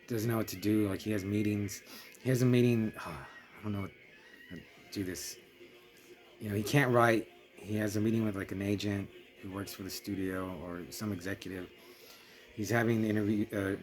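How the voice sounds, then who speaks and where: Rambling low-voiced man reviewing a film. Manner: rambling, restarts often, trails off softly. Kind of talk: casual spoken film review. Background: faint music.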